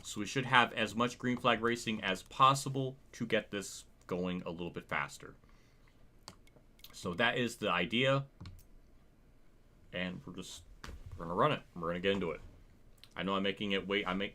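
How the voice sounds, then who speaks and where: Guy streaming a racing game, lowish sharp voice, rambles n restarts a lot. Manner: rambling, casual, thinks aloud with frequent restarts; swears casually. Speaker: livestreamer. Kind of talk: live sim-racing gameplay commentary.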